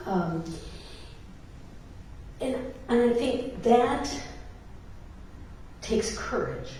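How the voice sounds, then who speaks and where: A woman's voice: fairly high pitch, lively intonation, drawn-out words, dark tone, a little hiss or hum. A woman minister giving a sermon in a church, telling stories with laughs and filler words. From Ireland. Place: church sanctuary. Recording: echoey church hall from a distance.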